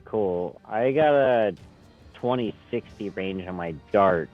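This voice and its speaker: Joking young guy player, kinda low voice, muffled lo-fi sound. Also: expressive, slow pace, soft background music. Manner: casual, joking. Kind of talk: casual chat.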